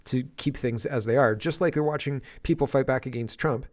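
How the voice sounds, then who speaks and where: A man's voice: medium pitch, brisk. A man hosting a political commentary stream, talking in a rambling, exasperated and sarcastic way.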